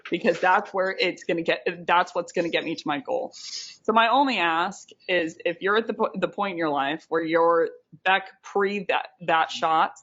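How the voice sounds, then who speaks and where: Earnest low-voiced woman co-host. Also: normal speed, a bit bright, highs cut off. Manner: earnest, reflective, restarts mid-phrase. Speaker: podcast co-host. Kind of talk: casual podcast monologue.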